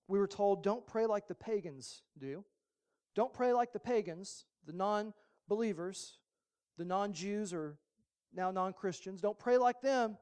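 A male pastor giving a sermon in a relaxed, conversational way, slipping in humorous asides. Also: sits high.

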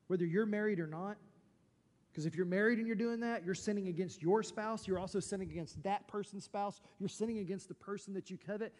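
A man's voice: fairly high pitch, dark tone. A man preaching a sermon as pastor, emphatic and full of rhetorical questions. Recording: long reverb from a large hall.

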